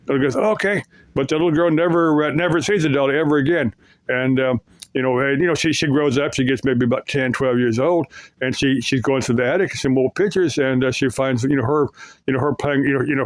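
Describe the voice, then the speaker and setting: A man's voice: medium pitch, no room sound. A man casually retelling creepy stories, rambling with many fillers and restarts. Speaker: storyteller.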